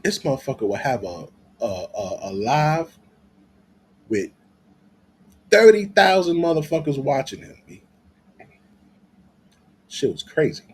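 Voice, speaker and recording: A man's voice: medium pitch, very animated, takes it slowly, long pauses, slightly rough. A man giving loose, profane commentary in a vlog, laughing often as he rants. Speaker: vlogger.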